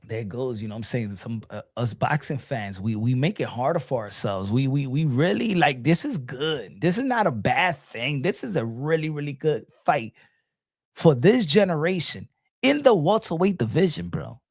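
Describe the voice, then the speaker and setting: A man hosting a casual live boxing stream, reading chat comments and talking in an animated, excitable way with lots of slang and restarts. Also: medium pitch, normal speed, no echo, studio quality.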